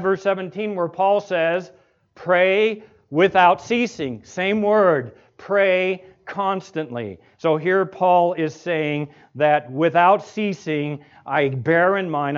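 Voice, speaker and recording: A male pastor preaching an expository sermon, asking the congregation rhetorical questions and slowing down to stress key words. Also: a little high. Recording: dull lo-fi recording.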